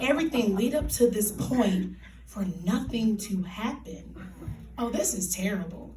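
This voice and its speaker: A woman telling a comic true story live on a theater stage, animated and laughing, in colloquial speech. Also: on the high side, brisk, a loud crowd. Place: theater stage before an audience. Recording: echoey theater, distant mic.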